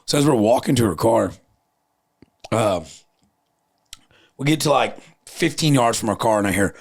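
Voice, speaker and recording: A man in his thirties, a podcast host and comedian, telling crude stories in an animated, profane way. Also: medium pitch, normal speed, pauses often. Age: 30s. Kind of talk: casual chat.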